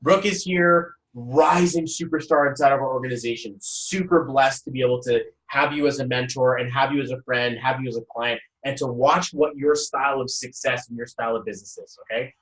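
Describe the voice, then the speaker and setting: A young man hosting a casual motivational live talk, energetic and rambling, often repeating words as he speaks at home. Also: mid-range voice, fairly quick, hardly any pauses. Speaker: host. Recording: roomy echo, voice from a distance.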